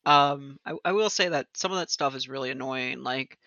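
A man with a very bright, crisp voice, chatting in a loose, rambling way full of fillers. The sound is dull and lo-fi, and the room is dry. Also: medium pitch, normal speed, no room sound. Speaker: podcast regular and streamer. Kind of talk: casual chat.

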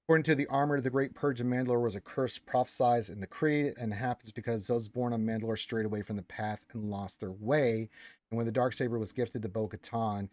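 A man's voice: mid-range voice, fairly even intonation, brisk, darkish tone, no room sound. A man hosting a casual fan discussion, explaining lore at length with restarts and notes read aloud.

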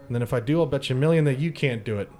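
A man's voice: mid-range voice, very fast, a little mellow, natural voice. A man voicing a drunk guy boasting about a bet in a joke he tells. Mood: cocky.

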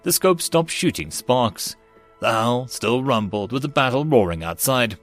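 A man reading a military sci-fi web novel as an audiobook, in a steady, even way. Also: medium pitch, measured pace, soft background music. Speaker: audiobook narrator. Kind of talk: audiobook narration.

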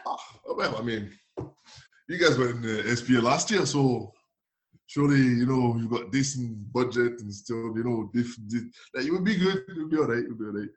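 A man's voice: mid-range voice, moderate pace. A man, a former footballer, casually telling an anecdote and acting out the dialogue with laughs. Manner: animated, acts out dialogue with laughs.

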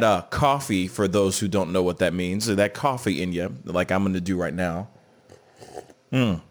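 A young man hosting a casual morning show, rambling loosely with lots of fillers, still in his morning voice. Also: on the low side. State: morning voice, a bit cracky. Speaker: show host.

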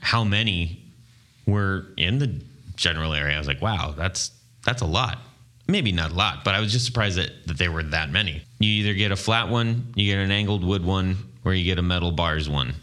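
Male podcast host, low and forceful, chatty and prone to laughing fits. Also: a little fast. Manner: rambling, giggly, loses composure laughing. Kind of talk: casual chat.

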